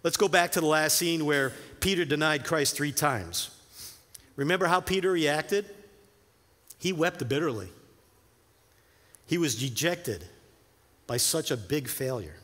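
A man preaching a sermon in a slightly high voice, shifting between earnest exhortation and relaxed, lively storytelling. His voice rings through a hall with a long reverb. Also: unhurried, pauses often. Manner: conversational, animated storytelling with filler words and restarts. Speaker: pastor.

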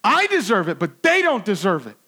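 A man's voice: high voice, wildly swooping pitch, fairly quick, sharp tone, exaggerated voice. A man voicing an angry, resentful male prophet during a sermon, indignant and pointed.

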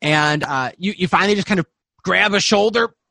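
A man narrating as game master in a tabletop game, with casual, halting narration. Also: sits high, bright, forceful tone, dry recording.

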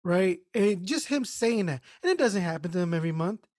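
A man's voice: sits high, lively intonation, brisk, a little mellow, no room sound. Man, podcast co-host, casual storytelling, profane, quotes voices, dry close mic.

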